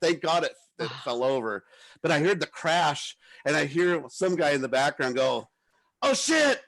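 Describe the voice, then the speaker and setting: A middle-aged man co-hosting a podcast, telling party stories in a rambling, animated way and shouting out the lines he quotes. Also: a little high, moderate pace, gravelly. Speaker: podcast co-host. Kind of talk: casual storytelling.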